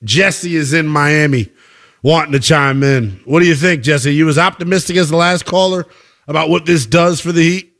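A man's voice: a little high, moderate pace, fairly bright tone. A male sports radio host taking calls, bantering in a casual, slangy way.

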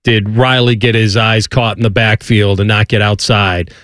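A man's voice: fairly low pitch, fairly even intonation, moderate pace, fairly bright tone, no room sound, clean studio sound. A man hosting a sports radio show, talking casually and breaking down plays with a joking, analytical manner.

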